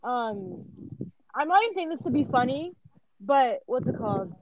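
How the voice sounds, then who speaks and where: A woman co-hosting a casual podcast chat, rambling and filling every pause with "like". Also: high voice, big pitch swings, dull audio, background noise. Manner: rambling, full of "like". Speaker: podcast co-host.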